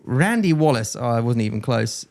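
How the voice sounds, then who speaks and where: A man's voice: mid-range voice, lively intonation, normal speed, gravelly, a little mellow, a little hiss or hum. A British man co-hosting a podcast in casual chat, rambling and correcting himself with a joking tone. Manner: rambling, self-correcting, jokey. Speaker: podcast co-host.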